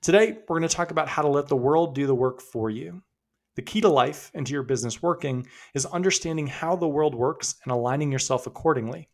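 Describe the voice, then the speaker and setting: Male podcast host, slightly higher voice, conversational storyteller. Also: brisk, creaky. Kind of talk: scripted podcast narration.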